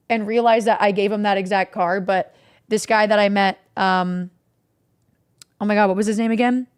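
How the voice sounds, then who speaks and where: A young woman streamer casually recapping stories to her chat, animated and swearing freely. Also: mid-range voice, smooth.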